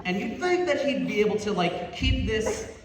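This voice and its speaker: High-voiced young male stand-up comic. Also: moderate pace. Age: young adult. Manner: animated, rambling, laughing, many fillers. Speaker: stand-up comedian. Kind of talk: stand-up comedy. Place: theater stage before a live audience. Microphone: audience phone from far off. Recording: echoey hall from far off, audience noise.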